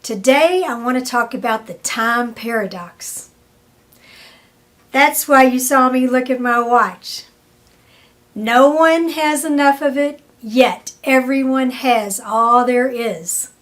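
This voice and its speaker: A woman's voice: sits high, a bit bright. A woman presenting a weekly wellness tip, telling a story and acting out the people in it. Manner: slow, storytelling, acts out quoted people.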